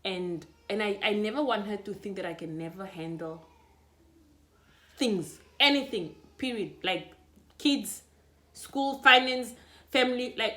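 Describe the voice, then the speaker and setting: Young Namibian woman, casual vlogger, animated storyteller, mid pitch. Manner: chatty and animated, laughing, full of restarts. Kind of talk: casual reflective vlog.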